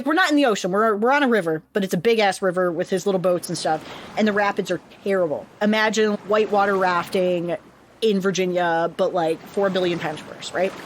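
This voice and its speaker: A woman's voice: medium pitch, brisk, slight background noise. A woman co-hosting a podcast, retelling history casually with lots of swearing and jokes. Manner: profane, animated, jokey retelling. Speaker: podcast co-host.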